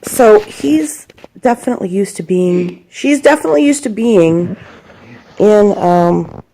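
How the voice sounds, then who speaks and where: A woman's voice: mid-range voice, expressive, unhurried, dark tone. A woman who works as a dog groomer, chatting casually in a home vlog, rambling and talking to her dog, sometimes dropping to a whisper.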